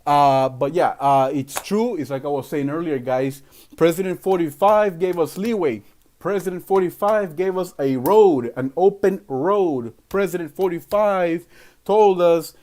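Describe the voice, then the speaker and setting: A man's voice: fairly high pitch, measured pace, darkish tone. Emphatic man ranting. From Venezuela. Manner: emphatic, rambling, heavy on fillers. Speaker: political livestream host. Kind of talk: ranting livestream commentary.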